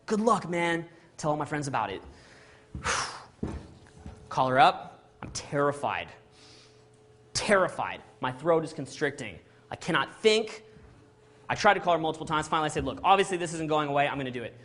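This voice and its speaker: A man's voice: fairly high pitch, fairly bright tone. Canadian guy telling a story, acts out the lines, keeps asking "right?", a bit of hiss behind. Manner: acts out dialogue, asks "right?" and "okay?" often. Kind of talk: animated storytelling to an audience.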